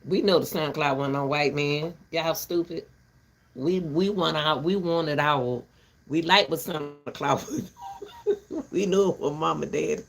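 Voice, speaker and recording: A woman's voice: low voice, animated, unhurried, vocal fry. An older woman ranting casually to her viewers from her back porch, blunt and rambling, breaking into laughter often. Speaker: vlogger.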